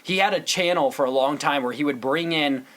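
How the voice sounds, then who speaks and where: A young man co-hosting a casual podcast chat, animated and laughing often, slipping into quick put-on movie voices. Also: on the high side. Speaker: podcast co-host.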